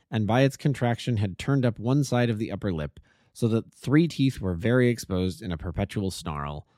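Low-voiced man narrating a detective tale. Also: darkish tone, no room sound, studio quality. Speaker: amateur audiobook narrator. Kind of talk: reading a classic detective story.

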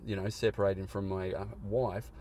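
Middle-aged man, fairly low-pitched, earnest and halting, a reflective podcast guest. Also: little pitch movement, dark tone. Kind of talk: candid conversation. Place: car park.

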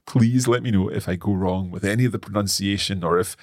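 A man hosting a casual lesson, working through phrases aloud with halting restarts and frequent laughs. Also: fairly low pitch, no room sound, clean studio sound. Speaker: language learner host.

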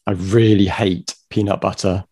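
A man's voice: sits low, little pitch movement, moderate pace, warm tone, breathy edge. A man appearing as a guest on a podcast, joking and laughing easily in casual chat. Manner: jokey, laughs often, self-deprecating.

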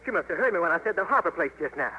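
An actor playing an earnest young trapper with a plainspoken, folksy drawl, in a 1950s radio drama. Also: male voice, high voice, sing-song, very fast, sharp tone, heavily acted, poor audio. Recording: hissy 1950s radio broadcast.

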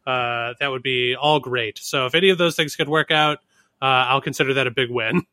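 Podcast cohost guy, real bright sharp voice, dry jokes, swears a lot. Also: medium pitch, fairly even intonation, fairly quick. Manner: wry, profane, laughs often. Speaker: podcast co-host. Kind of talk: casual chat.

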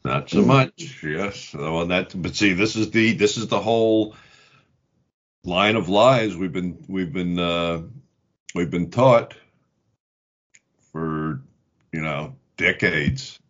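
A man hosts a podcast, talking slowly and calmly with a very deep voice. He is low-key and agreeable, and the recording sounds somewhat dull and lo-fi. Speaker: podcast host. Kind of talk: casual podcast chat.

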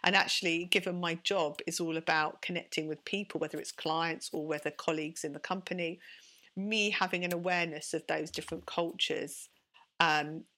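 A woman from London with a London accent, talking quickly and animatedly as a guest in an interview, often restarting and repeating words. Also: on the low side, pushed and bright. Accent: London English. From London, England. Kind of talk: conversational interview.

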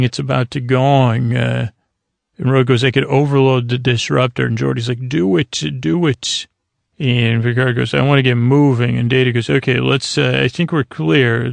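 Male podcast host, very gravelly and monotone, halting, filler-heavy recap read from notes, dry close sound. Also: mid-range voice, no room sound. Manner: halting, many fillers, loses his place. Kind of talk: casual episode recap from notes.

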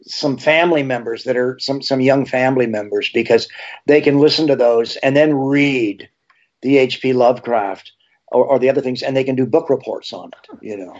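A man's voice: mid-range voice, normal speed. Rambling male storyteller, lo-fi. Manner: rambling, animated anecdotes. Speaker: actor and TV horror host as guest. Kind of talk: casual interview storytelling. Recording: slightly dull lo-fi sound.

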